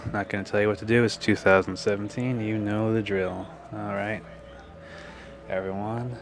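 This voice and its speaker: A young man talking casually and frankly to camera, rambling with lots of "you know"s, in a self-described monotone. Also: fairly low pitch, normal speed. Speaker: vlogger. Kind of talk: casual personal talk to camera. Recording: distant mic with loud background music.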